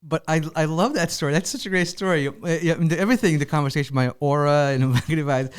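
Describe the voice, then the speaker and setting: A man's voice: on the high side, fairly even intonation, clear, resonant tone. A man hosting a podcast who asks questions eagerly, with frequent restarts and laughs. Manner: eager and fast, with false starts and laughs. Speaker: podcast host. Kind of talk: casual interview chat.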